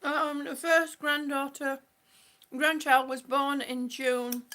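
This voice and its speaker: A woman's voice: sits high, little pitch movement, slow pace, sharp tone. A woman hosting a casual livestream, teary and holding back tears, gushing with repeated exclamations as she reads viewers' comments. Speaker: livestream host.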